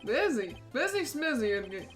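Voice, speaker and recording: A woman voicing a jovial middle-aged male police chief who talks in a slow, booming, folksy way. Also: big pitch swings, faint music behind. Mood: jolly.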